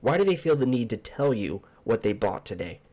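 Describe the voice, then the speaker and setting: A man's voice: mid-range voice, very animated, fairly quick, dark tone. A man hosting a casual solo podcast from a room at home, talking in a profane, exasperated, ranting way. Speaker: podcast host. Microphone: headphones and desk mic.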